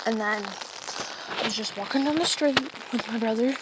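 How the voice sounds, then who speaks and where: A woman's voice: fairly high pitch, moderate pace. Giggly young woman vlogging in rain. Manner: rambling, giggly, chatty storytelling. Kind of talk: casual vlog chat. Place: outdoors in the rain, walking a dog. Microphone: handheld phone camera. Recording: rain noise over the voice. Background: rain on an umbrella.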